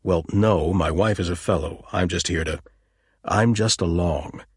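A man's voice: deep voice, measured pace, husky, no echo, studio quality, heavily acted. A man doing a prickly American professor. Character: irritated American male anthropologist, proud.

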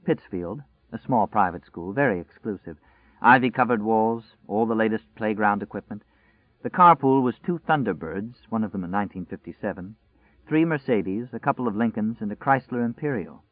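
A man reading a wistful, guarded woman schoolteacher in her late thirties, speaking softly in a restrained way. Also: on the low side, animated, normal speed, no echo. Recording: dry, tinny phone-like sound.

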